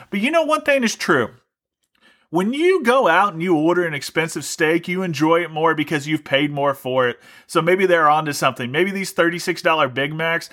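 A man hosting a podcast, delivering a mock-serious satirical rant with deadpan irony. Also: on the high side. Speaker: podcast host. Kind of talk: satirical monologue.

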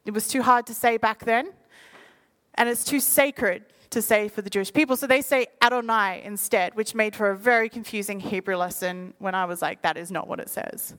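A woman preaching to a live audience, reading scripture quickly and then explaining it in lively, casual talk. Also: a little high. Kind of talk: sermon.

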